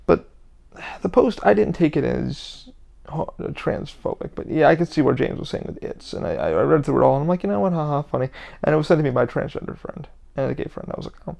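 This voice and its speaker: A man talks through his own podcast on his own, loose and rambling, dropping curses and acting out what friends told him. His voice sits a little high for a man and has a gravelly, fried edge. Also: a little mellow. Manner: rambling, profane, quick to act out quoted friends. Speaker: podcast host. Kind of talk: casual solo podcast monologue.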